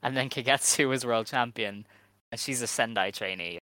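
A man co-hosting a casual podcast chat, speaking in an earnest, measured way. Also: medium pitch, pushed and bright, no room sound. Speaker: podcast co-host.

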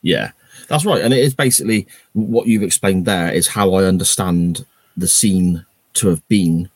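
A deep-voiced man with a husky grain co-hosts a casual podcast chat, taking his time to explain each plot point. The sound is dry and close, with no room around it. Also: moderate pace, no room sound. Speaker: podcast co-host.

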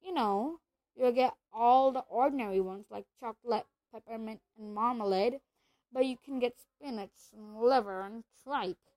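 A woman reading a storybook aloud and voicing an excitable, blunt young boy wizard in a slightly lower, eager tone. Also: unhurried, close to an everyday voice. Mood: warning.

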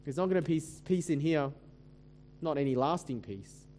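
A man's voice: a little high, moderate pace, darkish tone. A man preaching a sermon as a pastor, talking conversationally with rhetorical questions. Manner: dramatic scripture reading.

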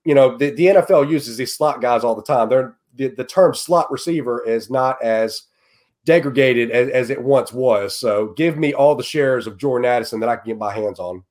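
A man's voice: mid-range voice, moderate pace, a little mellow. A man with an ordinary mid-range voice gives fantasy football analysis on a casual podcast. He is earnest and often restarts with repeated words. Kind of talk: casual sports podcast chat.

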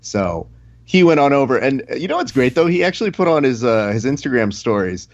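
A man's voice: medium pitch, brisk, lo-fi sound. A man hosting a podcast in casual chat, telling stories and acting out the quotes. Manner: animated storyteller, acts out quotes. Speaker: podcast host.

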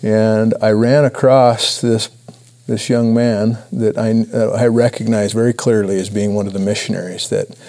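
A man giving a personal testimony talk to a church audience, earnest and halting with many restarts. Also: lowish voice, level tone, dark tone. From Idaho, USA. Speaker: church speaker.

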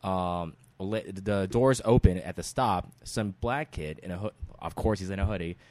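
A man in his twenties, a podcast guest, telling a story in casual talk and acting out quotes loudly. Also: sits low, normal speed, no echo. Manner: animated, acts out quotes loudly.

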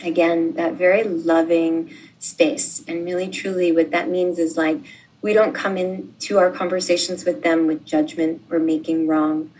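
Woman, gentle coaching voice, lowish pitch, set back from the mic, faint hiss. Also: level tone, measured pace, recorded from a distance, poor audio. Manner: gentle, soothing, acts out sample dialogues. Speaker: guest life coach. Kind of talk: relaxed conversational interview.

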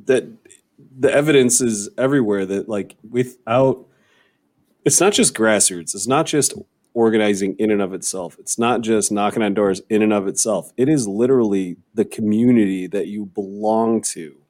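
Low-voiced man in earnest chat. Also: normal speed, a little mellow. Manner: rambling, restarts mid-thought, earnest. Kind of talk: casual political chat.

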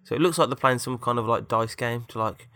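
A man's voice: mid-range voice, a little fast, bright, forceful tone, dry recording, clean studio sound. A man casually improvising a story, rambling with fillers and tag questions.

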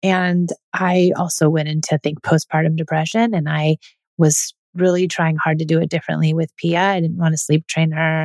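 A woman's voice: low-pitched, creaky, darkish tone, dry recording. A woman in her thirties, a mother, speaking candidly and reflectively in a personal monologue. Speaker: mother telling her parenting story.

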